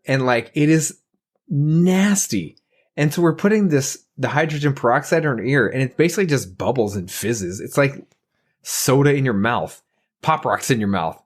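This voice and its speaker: Podcast host guy, rambly, lots of "like", laughs a lot, swears, regular mid voice. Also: medium pitch. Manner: rambling, heavy use of "like", laughs often; profane, animated storytelling. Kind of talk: casual podcast chat.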